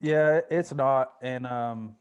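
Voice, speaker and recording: A man hosting a podcast, telling stories in a relaxed way and swearing often in casual chat. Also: mid-range voice, slow pace, dull audio, a little hiss or hum. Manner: laid-back storytelling with frequent swearing. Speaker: podcast host.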